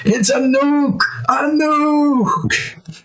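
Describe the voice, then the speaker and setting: A man voicing a panicked Australian man who yells frantic warnings. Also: very high-pitched, steady tone, drawn-out words, pitched above the performer's own voice, heavily acted.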